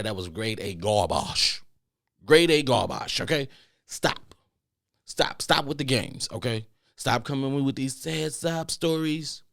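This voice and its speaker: A man ranting on his podcast. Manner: animated ranting with mocking falsetto impressions; repeats phrases for emphasis, swears freely. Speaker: podcast host. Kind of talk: solo podcast rant.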